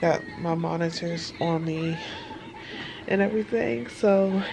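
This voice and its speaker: A woman's voice: fairly low pitch, slow, gravelly, noisy background. Chatty woman giving a vlog update. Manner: chatty, many fillers. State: out of breath. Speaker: vlogger. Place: car, then hospital room.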